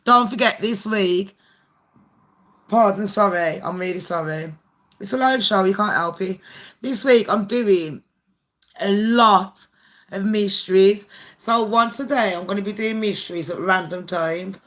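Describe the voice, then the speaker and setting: A woman's voice: medium pitch, unhurried, fairly bright tone. A woman hosting a casual live stream, chatty, swearing freely and laughing often. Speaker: livestream host.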